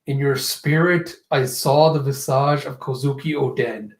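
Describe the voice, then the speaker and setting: A man's voice: medium pitch, steady tone, measured pace, natural voice. A man voicing a huge, brutal older male pirate warlord from a comic, speaking in a grim, menacing way. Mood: grim brooding. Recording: echoey room.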